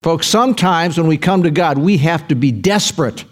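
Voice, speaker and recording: A man's voice: a little high, lively intonation, moderate pace. A male pastor delivering a sermon, reading scripture with folksy asides and bursts of rising emphasis.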